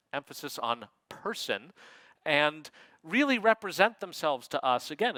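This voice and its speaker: A man lecturing in a wry, digressive manner, tossing in quick asides. His voice is bright and crisp, sitting a little high, and the sound is close and dry. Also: no echo, rough recording. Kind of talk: lecture talk.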